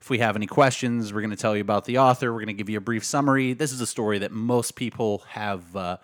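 A man's voice: fairly low pitch, fast talker, no room sound, clean studio sound. A man co-hosting a casual book podcast, rambling in an easygoing way. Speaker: podcast co-host.

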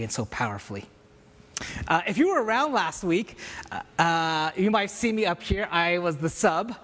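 A man preaching a sermon, telling Bible stories in an animated, storytelling way with many fillers. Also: high voice. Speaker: campus ministry leader preaching. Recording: long reverb of a hall.

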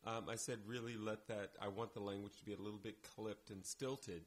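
A man's voice: lowish voice, steady tone, fairly quick. A man, a theater director guest on a podcast, telling anecdotes in casual chat and acting out the lines he quotes.

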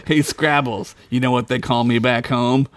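A man's voice: medium pitch, fairly even intonation, normal speed, close to an everyday voice. A man voicing Fred, a cocky, easygoing adventurer with a joking manner, in a spoken story. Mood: amused.

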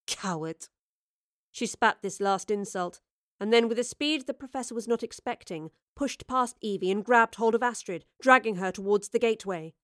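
A woman's voice: on the high side, moderate pace, fairly bright tone, no room sound. Woman narrating a story, dry close sound. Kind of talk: audiobook narration.

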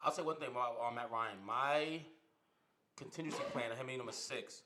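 A man co-hosting a sports podcast, casual and animated, teasing his co-host. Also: medium pitch, fairly quick, noisy background.

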